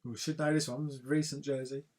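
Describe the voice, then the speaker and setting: A man's voice: mid-range voice, level tone, quick pace, a little mellow. A man co-hosting a live-stream quiz, laid-back, laughing easily and thinking aloud. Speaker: co-host.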